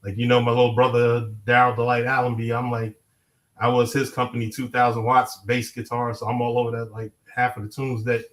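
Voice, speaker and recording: A man from Harlem with a New York accent, a musician being interviewed, laid-back and quick to laugh. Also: medium pitch, little pitch movement, poor audio. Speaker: guest, musician and producer. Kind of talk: casual interview.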